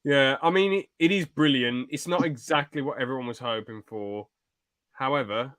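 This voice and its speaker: Male podcast co-host, mid-range voice, relaxed and nitpicky, casual with swearing, dry close mic. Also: mid-range voice, normal speed, no room sound. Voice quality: swears freely, trails off into filler words. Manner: laid-back, mildly critical, repeats himself. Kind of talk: casual reaction chat.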